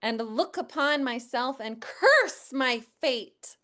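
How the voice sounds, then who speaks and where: Slow-speaking woman repeating poem lines. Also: high voice, animated, fairly bright tone. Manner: careful, repeats each line back. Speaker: workshop participant. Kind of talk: repeating lines after a leader.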